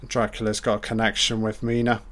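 A man's voice: fairly low pitch, monotone, brisk, a bit bright. A man giving casual film commentary in short, admiring remarks, swearing often.

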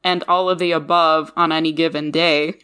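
A woman from the Midwest whose first language was not English talks on a casual podcast in a slightly low voice. She tells stories in an animated, chatty way. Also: normal speed, smooth. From Midwest of the United States. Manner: chatty, animated storytelling with laughs. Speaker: podcast co-host. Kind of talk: casual chat.

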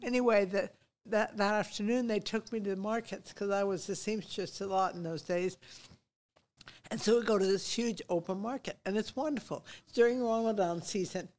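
A woman's voice: mid-range voice, normal speed. An older woman, a missionary guest, telling personal stories and exhorting listeners in an outspoken, emphatic way. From United States. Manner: outspoken, emphatic, animated retelling.

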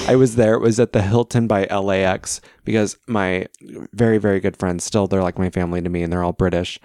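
A man's voice: low-pitched, steady tone, a little fast, a little mellow, smooth, no echo, clean studio sound. A man hosting a podcast, chatting casually and telling self-deprecating stories. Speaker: podcast host. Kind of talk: casual chat.

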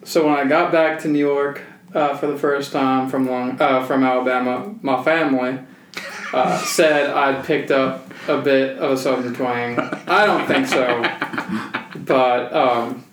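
A man's voice: mid-range voice, steady tone, unhurried, fairly bright tone, roomy sound, slight background noise, poor audio. A man, a law student guest, talking hesitantly with many fillers and dry humor. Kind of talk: casual chat.

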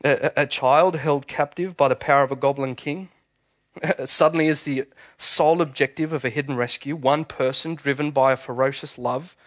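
A man preaching a sermon in a church, animated and conversational, often restarting his sentences. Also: mid-range voice, moderate pace. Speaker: pastor.

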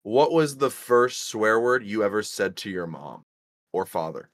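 A man's voice: on the low side, sing-song, unhurried, fairly bright tone, dry recording, studio quality. A young man co-hosting a casual podcast, laughing a lot and asking prodding questions. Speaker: podcast co-host. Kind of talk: crude casual podcast banter.

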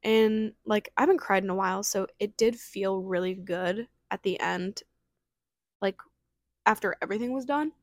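Young woman, solo podcast host; fast, filler-heavy casual chat; dry close mic, mid pitch. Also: dry recording. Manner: fast, chatty, lots of fillers.

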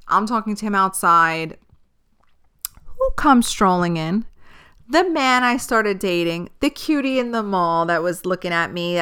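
A woman's voice: fairly low pitch, clean tone. A woman hosting a podcast, telling a personal story casually, with lots of swearing and laughter. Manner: animated, profane, laughs often. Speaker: podcast host.

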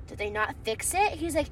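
A woman's voice: sits high, expressive, unhurried, a bit bright, distant mic. A woman co-hosting a podcast from inside a car, telling a work story in casual chat and swearing a lot. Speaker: podcast co-host.

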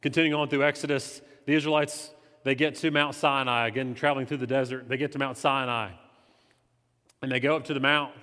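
A man, not the pastor, teaching his church in a conversational, animated way, swinging between loud emphasis and quiet confession. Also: mid-range voice, a little fast. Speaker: lay preacher. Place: church sanctuary. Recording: reverberant hall.

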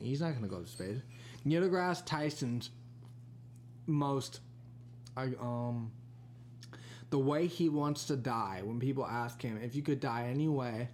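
A rambling, profane man at an ordinary middle pitch, telling a story in casual podcast chat. He trips over his words and keeps restarting. A faint hum sits behind him. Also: darkish tone. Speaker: podcast co-host.

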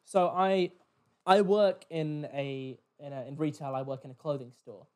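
Speaking unhurriedly in a fairly high-pitched voice, a podcast host tells a rude-customer story during casual chat, and the audio quality is poor. He's animated, swears, and acts out what the customers and others said.

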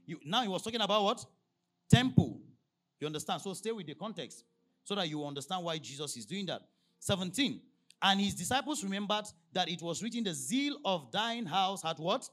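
A man preaching a sermon as pastor, prompting the congregation to finish his lines and reading scripture slowly and emphatically. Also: sits high, lively intonation, a bit bright. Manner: call-and-response, prompting the congregation with "what?".

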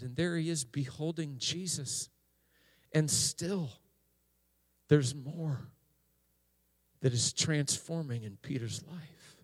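Slow-preaching pastor, a man. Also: fairly high pitch. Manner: slow, halting delivery with restarts, rising to impassioned preaching. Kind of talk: sermon.

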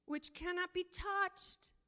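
A woman teaching a sermon on God as father, preaching emphatically and drawing out key words slowly, sometimes breaking into tongues. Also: very high-pitched, steady tone. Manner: emphatic preaching, rising to near-shouting; speaks in tongues at times. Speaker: prayer teacher.

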